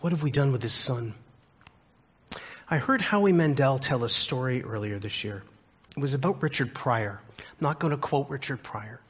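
A man's voice: mid-range voice, expressive, normal speed, breathy edge. A man preaching a sermon, telling stories and asking the congregation earnest questions. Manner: earnest storytelling with rhetorical questions. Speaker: pastor. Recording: dull lo-fi recording.

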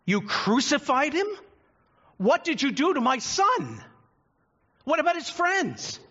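A man's voice: big pitch swings, moderate pace, heavily acted. A man voicing God as a grieving father desperately searching for his lost son, in a dull lo-fi recording. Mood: frantic. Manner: shouting, pleading, high-pitched and distraught.

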